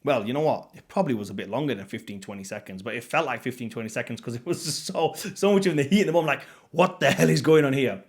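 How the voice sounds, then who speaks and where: A man telling a story to camera in a casual vlog, animated and blunt, swearing freely and acting out the moments. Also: medium pitch, very fast, hardly any pauses. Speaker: vlogger.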